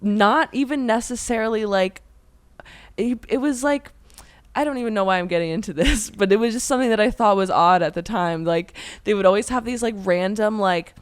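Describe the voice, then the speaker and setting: A woman's voice: mid-range voice, fairly quick, no echo. A woman in her twenties from Pennsylvania, chatting as a podcast guest in a rambling way full of "like". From Pennsylvania, USA. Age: 20s. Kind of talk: casual podcast chat.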